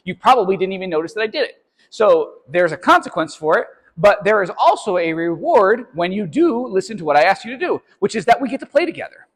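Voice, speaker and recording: In poor audio with a big-room sound, a man speaks fast and very animated in a high-pitched voice. He's a dog trainer making an instructional training video, taking obedience step by step and asking "right?" and "okay?" as he goes.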